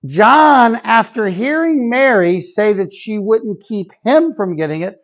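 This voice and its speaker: Folksy high-voiced man teaching sales. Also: animated, measured pace. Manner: folksy, plain-spoken, acts out customer dialogue. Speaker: sales trainer. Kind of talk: instructional talk to salespeople. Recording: dull, lo-fi recording.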